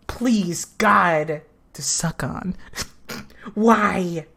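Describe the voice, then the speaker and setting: Animated woman chatting over a game. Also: fairly low pitch, slow pace. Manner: animated, laughing banter. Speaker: game player. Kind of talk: casual let's-play chat.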